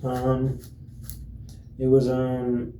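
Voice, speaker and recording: A man talking casually to his viewers in a relaxed, rambling way, full of fillers and restarts. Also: medium pitch, extremely slow, roomy sound, slight background noise, low-quality recording. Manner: relaxed, friendly greetings. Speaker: vlogger. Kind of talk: casual chat to camera.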